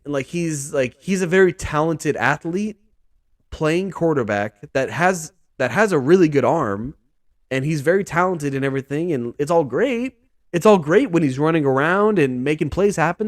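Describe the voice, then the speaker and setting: A man with a fairly high voice ranting about football in a loose, rambling way, swinging his pitch all over. He peppers his talk with "dude" and "bro". He sounds close and dry, with no room echo. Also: expressive, normal speed. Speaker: sports vlog host. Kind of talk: casual monologue.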